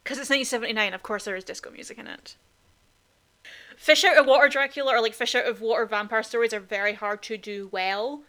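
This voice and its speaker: A woman co-hosts a casual film podcast in a bright, slightly high voice. She talks in a chatty, opinionated way and drops in plenty of "like" fillers. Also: fast. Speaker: podcast co-host.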